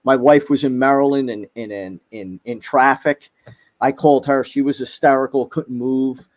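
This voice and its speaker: A middle-aged man talking as a podcast guest, halting, with many fillers and restarts. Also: medium pitch, fairly even intonation. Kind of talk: casual chat.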